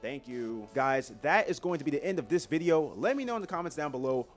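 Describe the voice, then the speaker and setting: Young male gaming creator, lively trash-talk commentary, faint music bed. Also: fairly high pitch, fairly quick. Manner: excitable, trash-talking, swings from yelps to mutters. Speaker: gaming YouTuber. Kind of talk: gameplay commentary.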